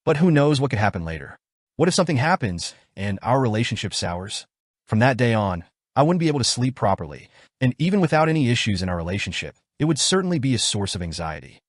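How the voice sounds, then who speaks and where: A man narrates a story recap in the first person, his pitch moving in a lively, animated way. He tells it briskly and wryly. The sound is dry and close, with a mid-range voice. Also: no room sound.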